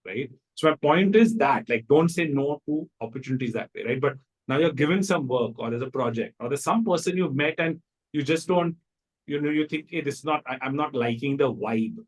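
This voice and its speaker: A man with an Indian English accent, a company founder telling stories in a casual interview, lively and acting out the people he quotes. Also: brisk. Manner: animated, acts out quoted people in a higher voice.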